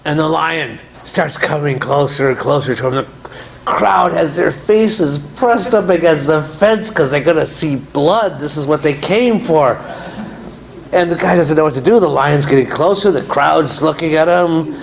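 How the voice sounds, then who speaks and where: A man's voice: on the high side, a little slow, gravelly, slight background noise. Joking man giving an after-dinner talk. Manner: joking, conversational. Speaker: guest speaker.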